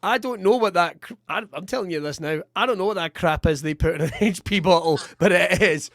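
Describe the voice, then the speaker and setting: A man's voice: high voice, quick pace, dry recording. Scottish male host, playful banter, dry close mic. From Scotland. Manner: jokey, mock voices for effect. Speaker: podcast host. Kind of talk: casual podcast chat.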